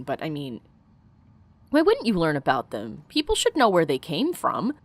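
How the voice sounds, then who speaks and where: A woman giving casual let's play commentary, blunt and chatty, swearing freely. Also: fairly low pitch.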